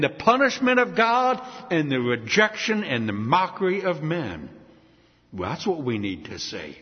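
Male preacher, lively swooping intonation, emphatic sermon delivery, lo-fi hall recording. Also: on the high side. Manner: emphatic, dramatic preaching with slow stressed repetitions. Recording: reverberant hall, dull lo-fi sound.

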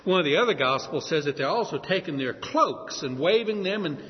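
Man, New Orleans accent, pastor preaching, storytelling sermon, lively pitch, long hall echo, muffled sound. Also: brisk. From New Orleans, USA. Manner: lively storytelling with animated shouted quotes.

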